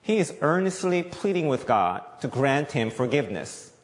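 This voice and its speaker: A man's voice: a little high, sing-song, moderate pace. A male pastor preaching a sermon, emphatic, repeating key points and asking the audience questions. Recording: long echoey reverb.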